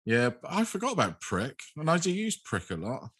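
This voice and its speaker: A man co-hosting a podcast with dry, deadpan humour in casual banter. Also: mid-range voice, normal speed, breathy edge, dry recording. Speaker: podcast co-host.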